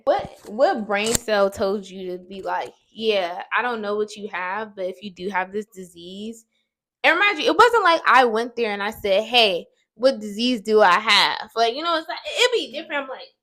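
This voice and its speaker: A young woman vlogger telling an exasperated, animated story to her viewers while doing her makeup. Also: a little high. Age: young adult.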